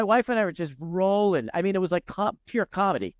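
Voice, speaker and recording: A man co-hosting a podcast, telling stories in a lively, animated way with quick restarts. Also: high voice, no echo, studio quality. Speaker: podcast co-host. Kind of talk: casual interview chat.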